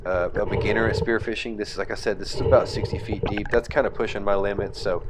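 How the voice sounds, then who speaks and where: A man's voice: on the low side, fast talker, very noisy. Casual man narrating his fishing footage. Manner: relaxed storytelling with fillers, excited in tense parts.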